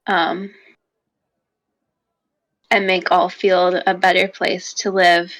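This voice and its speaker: A woman's voice: on the low side, little pitch movement, slow, a bit bright, rough recording. A woman as a hesitant young adventurer. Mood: earnest. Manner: hesitant, with many ums. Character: young adventurer writing a letter home.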